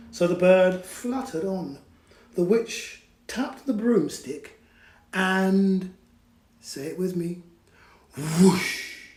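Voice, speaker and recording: A man reading a picture book aloud to children, animated, inviting them to join in and dropping to whispers. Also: high-pitched, reverberant, rough recording. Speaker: children's storyteller. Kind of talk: read-aloud storytime for children.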